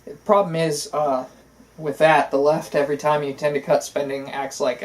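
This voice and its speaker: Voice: mid-range voice, level tone, moderate pace, rough recording. Casting: talk co-host, casual political chat, opinionated, long rambling runs, filler-heavy. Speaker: podcast co-host.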